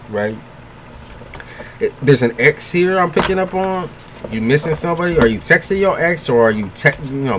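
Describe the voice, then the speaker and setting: On a livestream, a man with a mid-range voice reads tarot while chatting casually with viewers, over slight background noise. He's loose and profane, jokes and laughs often, and gives blunt, frank advice.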